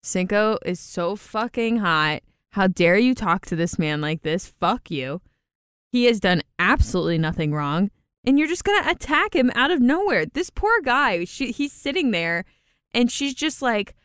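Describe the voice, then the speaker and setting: Woman co-host, blunt and swearing, smooth clear voice, lively pitch, dry close sound. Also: normal speed, dry recording. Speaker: podcast co-host. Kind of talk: casual reality TV recap chat.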